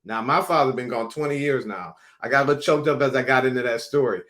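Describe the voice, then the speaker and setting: A man's voice: medium pitch, fast talker. A middle-aged man moderating a panel discussion, telling a personal story and acting out the voices of the people in it. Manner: warm storyteller, acts out quoted voices.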